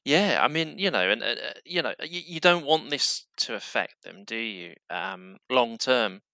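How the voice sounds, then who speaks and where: A man hosting a podcast, speaking casually in halting starts and restarts. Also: medium pitch, lively intonation, no room sound. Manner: halting, restarts often, warm interjections. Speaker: podcast host. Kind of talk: casual conversational interview.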